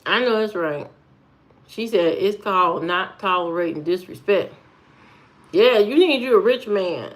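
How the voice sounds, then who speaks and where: A woman's voice: mid-range voice, animated, unhurried. Woman streamer just talking to chat, sassy and joking around, kinda rambly, goes on and on. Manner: playful, sassy, rambling banter with viewers. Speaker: livestreamer. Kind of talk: casual livestream chat.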